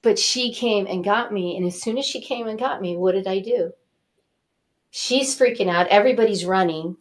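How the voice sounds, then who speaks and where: An older woman, a talk show guest, telling a personal story in a lively, animated way and acting out what people said. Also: medium pitch, moderate pace. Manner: animated, acts out quotes and cries. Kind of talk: casual storytelling.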